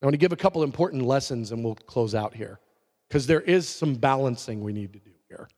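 A man preaching a sermon, telling personal stories with animated energy and shouting at the high points. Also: big-room sound. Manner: animated storytelling, shouting at peaks. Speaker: pastor.

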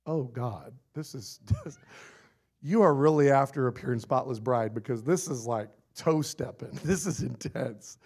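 A man's voice: medium pitch, measured pace, husky. A man preaching a sermon with lots of energy and humor. He acts out short scenes in different voices and laughs often between his points. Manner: animated and playful, acting out little scenes, often laughing.

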